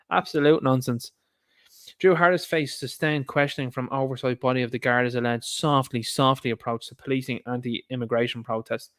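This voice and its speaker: A man's voice: medium pitch, fairly even intonation, brisk, fairly bright tone. Indignant Irish man ranting. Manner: indignant, sarcastic, addresses viewers as lads. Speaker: vlogger, commentator. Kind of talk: ranting news commentary.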